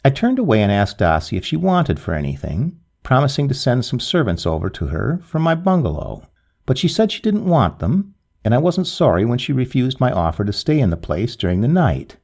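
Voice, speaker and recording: A male narrator reading a first-person tale aloud with a mellow, dark tone. His pitch swoops and leaps constantly, giving the reading a very animated, theatrical shape. Steady mid-range voice. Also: fairly quick, vocal fry. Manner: expressive, swooping delivery with sudden lifts. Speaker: story narrator.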